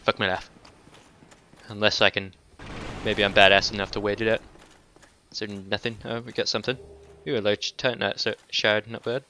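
A man doing casual let's-play commentary, cursing and taunting enemies, dropping to mutters and then breaking into loud outbursts. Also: fairly low pitch, flat delivery, moderate pace, a little hiss or hum. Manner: profane, talks back to enemies, swings between mutters and outbursts. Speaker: gameplay commentator.

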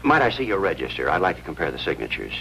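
A deep, gravelly chaplain. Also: male voice, wildly swooping pitch, very fast, slight background noise, heavily acted, low-quality recording. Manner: earnest, gentle questioning. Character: calm, persistent male hospital chaplain. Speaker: hospital chaplain. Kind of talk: 1950s TV drama acting. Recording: 1950s TV soundtrack with music underneath.

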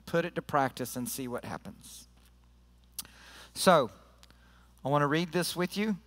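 A man's voice: on the high side, expressive, measured pace, a bit bright, in a large hall. A man preaching a sermon to his church in an earnest, conversational way, leading prayer and scripture reading. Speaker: pastor. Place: church sanctuary.

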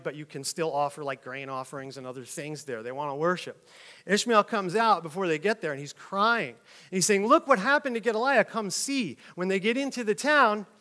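A middle-aged man teaching the Bible in a casual, conversational way, reading passages aloud and explaining them with loud emphatic peaks. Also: a little high.

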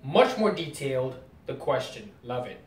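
A man's voice: sing-song, moderate pace. A man hosting a casual comic reaction video, rambling and explaining as he goes. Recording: roomy distant mic, faint rumble.

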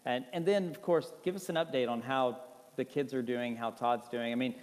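A man interviewing a guest onstage at church, relaxed and joking. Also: medium pitch, moderate pace. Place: church worship center. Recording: echoey church hall.

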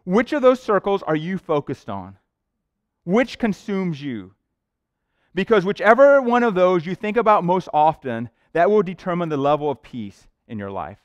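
A man's voice: high-pitched, very animated, normal speed, clean tone, no echo, dull audio. A male pastor preaching a sermon in an earnest, conversational way, often checking in with the congregation. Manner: conversational, earnest preaching with frequent "right?" asides. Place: church sanctuary.

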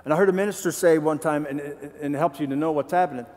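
A man pastor preaching a sermon in a church, animated and joking, asking the congregation questions. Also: a little high, fast talker, long reverb tail. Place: church sanctuary.

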